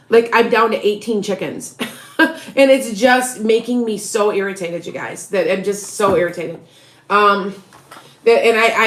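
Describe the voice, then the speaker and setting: A middle-aged woman talks to her livestream viewers in a frustrated, halting way, often breaking off and starting over. Her voice sits in the middle of the usual range for a woman. The room around her gives a noticeable echo. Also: mid-range voice. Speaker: tarot reader hosting a livestream. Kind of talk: casual livestream chat. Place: home, farm.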